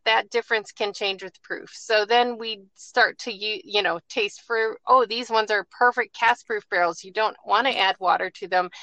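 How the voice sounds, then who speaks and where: Bright-voiced woman explaining her whiskey craft. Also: mid-range voice, no echo. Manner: relaxed, explanatory, with many fillers. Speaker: distiller, guest. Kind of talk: conversational interview answers.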